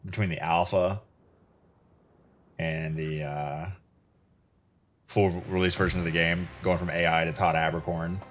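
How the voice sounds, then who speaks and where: Wry low-voiced man streaming a game. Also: level tone, takes it slowly, pauses often. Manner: chatty, wry, reacts aloud to the game. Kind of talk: live gameplay commentary.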